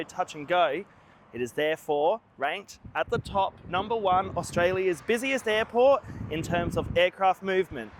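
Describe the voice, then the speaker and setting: Man vlogging mid-hike, high voice, weary and plain-spoken, faint street noise. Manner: plain-spoken, tired, self-mocking. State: weary from walking. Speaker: vlogger on a long walk. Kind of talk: walking vlog talk to camera. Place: outdoors by roads and an airport.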